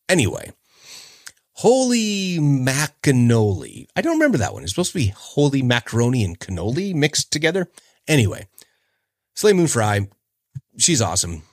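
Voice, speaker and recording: A man's voice: mid-range voice, husky, no echo, studio quality. A man in his forties hosting a casual solo podcast, chatty and rambling, often trailing off while he searches for names. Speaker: podcast host.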